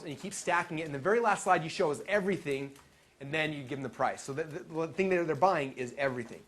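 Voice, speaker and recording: Man, rapid talker, slightly high voice, seminar speaker, animated storytelling. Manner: animated storytelling, acts out quotes. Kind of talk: live seminar talk.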